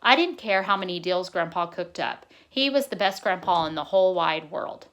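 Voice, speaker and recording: A woman narrating a novel in a plain, steady reading voice, now and then correcting her own slips. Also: on the low side, moderate pace.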